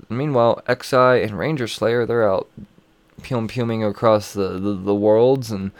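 A man's voice: on the low side, measured pace, no room sound. A man chatting loosely about comics on his own show, full of swearing and loose asides. He is wired on coffee late at night. The recording is close and dry. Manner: rambling, profane, chuckling. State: over-caffeinated late at night. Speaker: comic book podcast host. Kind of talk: casual review chat.

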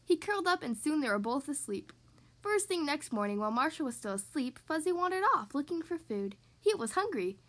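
A woman with a high, lively voice reading a picture book aloud to young kids. Her pitch rises and falls a lot as she tells the story, bright and expressive the whole way through. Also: fairly quick. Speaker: podcast host reading to kids.

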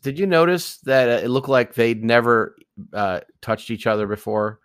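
A man's voice: medium pitch, fairly even intonation, normal speed, smooth. A man co-hosting a podcast, chatting casually about a film and tossing in wisecracks and asides. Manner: wisecracking, throws in jokes and asides. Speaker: podcast co-host. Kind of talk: casual movie-review chat.

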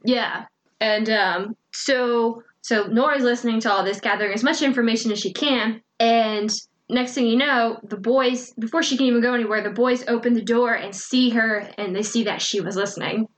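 A woman with a slightly high voice chats through a story recap on a podcast. She talks loosely, with plenty of fillers, and acts out the lines of the characters as she goes. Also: normal speed. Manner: chatty, dramatic retelling with filler words. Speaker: podcast co-host recapping a book. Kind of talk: casual chat.

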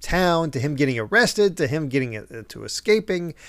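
Animated man retelling comic scenes. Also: on the high side, moderate pace, no room sound. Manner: animated, acts out characters' lines while retelling. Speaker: podcast host. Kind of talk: casual chat recapping a manga.

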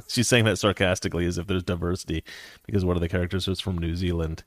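A man giving casual opinion commentary, sarcastic and animated, reading quotes aloud and reacting to them. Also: on the low side, fast, dry recording. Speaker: commentary host.

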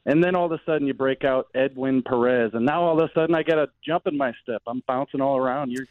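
A man's voice: mid-range voice, quick pace, dry recording. A man calling into a radio sports show as a reporter guest, tired and joking in a rambling, self-deprecating way. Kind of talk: casual radio chat. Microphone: phone line. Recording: tinny dry phone line.

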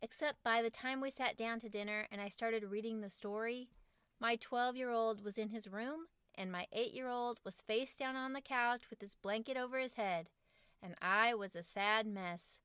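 A woman's voice: a little high, normal speed, fairly bright tone, clear, resonant tone, dry recording, studio quality. A woman in her forties, a podcast host, reading her own parenting book aloud with wry, self-mocking humor.

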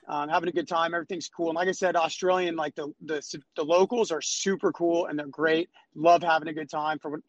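Young male guest, higher voice, dry close sound, laid-back. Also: dry recording. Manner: relaxed, rambling with fillers. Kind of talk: casual chat. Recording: dry, slightly dull sound.

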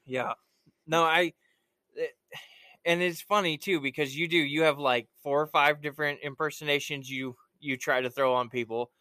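A man's voice: fairly high pitch, fairly even intonation, normal speed, bright, forceful tone, clean tone, no room sound, clean studio sound. A man hosting a casual podcast chat, telling rambling, profane stories.

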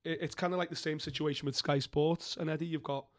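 A jokey co-host arguing his boxing takes with animated energy and the odd swear. His voice sits a little higher than most men's. It is recorded dry and close. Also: fast, no room sound. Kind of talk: casual banter.

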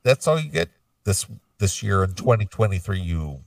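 A man's voice: lowish voice, animated, moderate pace, distant mic. A man co-hosting a casual metal music podcast, rambling and laid-back with plenty of fillers, hiccuping now and then. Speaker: podcast co-host. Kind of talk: casual chat.

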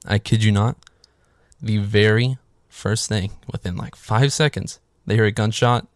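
A man talks through a film's plot in a loose, sarcastic way, swearing freely and padding his sentences with fillers. His voice sits low with a gravelly fry, recorded dry and close. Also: fairly even intonation, measured pace, no room sound. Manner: sarcastic, profane, rambling with many "like" fillers. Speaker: movie recap host. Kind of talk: casual spoken film recap.

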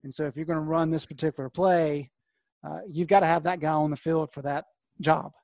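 A man analysing college football in casual talk, measured and thoughtful. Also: fairly high pitch, steady tone, a little mellow, dry recording. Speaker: college football beat reporter.

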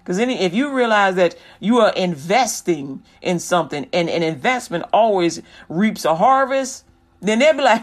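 A man's voice: sits high, expressive, moderate pace. A man hosting a Christian radio show, talking in a loose, slangy, rambling way and preaching casually to listeners.

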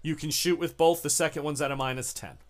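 A man running a tabletop horror game as game master, narrating scenes in halting bursts with many fillers. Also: fairly high pitch, fairly even intonation. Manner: halting, many restarts and fillers while describing.

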